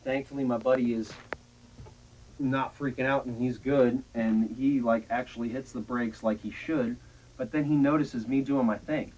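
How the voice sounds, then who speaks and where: A young man casually telling a long, profane story in a rambling, animated way. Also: medium pitch, normal speed, muffled recording. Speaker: storyteller guest.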